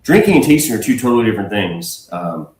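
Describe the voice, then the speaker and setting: A man, a whiskey blender, speaking casually as a livestream guest, relaxed and rambling with fillers and restarts. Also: on the low side, fast, reverberant, poor audio. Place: home.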